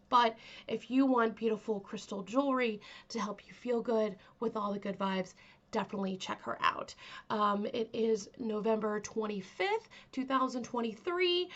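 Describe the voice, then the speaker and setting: On her own channel, a woman chats softly to camera, her gentle delivery full of fillers and asides and meant to feel calming and kind. Her slightly high voice is stuffy from a cold, and the recording is muffled and lo-fi.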